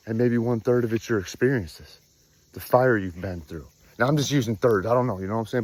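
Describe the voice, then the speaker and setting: A man in his thirties with a deep, low voice talks outdoors in the countryside, sniffly from a cold. His spiritual talk is unscripted, rambling and heartfelt. He often stops and restarts his sentences. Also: a little fast, darkish tone, no room sound, low-quality recording. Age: 30s. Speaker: faith vlogger.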